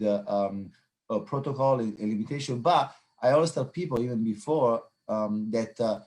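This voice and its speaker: A man hosting a wine interview, talking in a halting way with many fillers and restarts. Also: mid-range voice, a little mellow. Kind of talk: casual video interview. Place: Florida.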